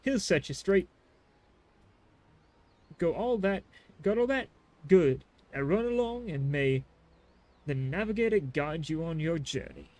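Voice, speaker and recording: A man's voice: fairly high pitch, lively intonation, unhurried, long pauses, darkish tone. A man voicing a blunt, worldly male guide in a game, tripping over his read lines. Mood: instructive.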